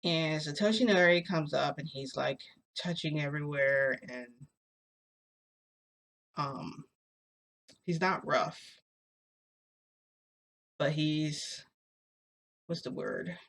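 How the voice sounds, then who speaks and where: A woman's voice: deep voice, slow, long pauses, a bit bright. A young adult woman telling a story as a casual vlogger. She rambles, hesitates and fills her speech with "like". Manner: rambling, filler-heavy, hesitant.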